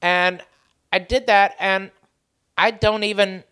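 A man's voice: sits high, fairly even intonation, takes it slowly, sharp tone, clear, resonant tone. A male comedian chatting casually on his podcast, loose and profane. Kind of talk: casual chat.

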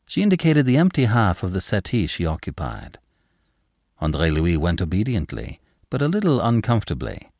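A male narrator reading a classic novel aloud, measured and expressive. His voice sits low and moves through a lively range of pitch. The recording is dry and close, with no room sound. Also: dry recording. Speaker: audiobook narrator.

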